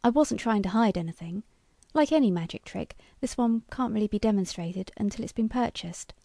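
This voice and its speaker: Woman reading an eager young toy salesman, salesy and confiding, mellow tone. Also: medium pitch, lively intonation, brisk, gravelly, dry recording, studio quality.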